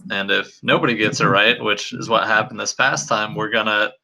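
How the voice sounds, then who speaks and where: A young man hosts an online session, pausing often with ums and uhs. His voice is low but very bright and forward in tone. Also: steady tone, vocal fry, rough recording. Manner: hesitant, many fillers. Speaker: co-host. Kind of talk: casual webinar hosting.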